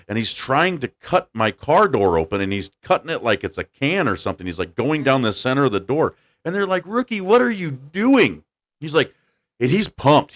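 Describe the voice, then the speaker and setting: Animated man telling a story. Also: medium pitch. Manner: animated, laughing storyteller doing quick voices. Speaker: podcast host. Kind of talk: casual storytelling chat.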